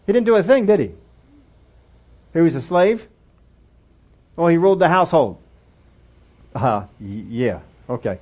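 Reading scripture aloud and discussing it with his listeners, a preacher with a fairly high, slightly breathy voice talks conversationally and repeatedly asks rhetorical questions. His pitch swings widely, his pace is measured, and he leaves long pauses. The sound is dull and lo-fi.

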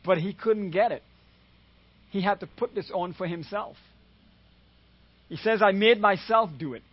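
A man with a high voice preaches a sermon, often checking in with his listeners with a questioning "amen?". The sound is dry and a bit dull and lo-fi. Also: a little slow, dry recording. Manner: calls "amen?" often, retells a story with quoted voices. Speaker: guest preacher.

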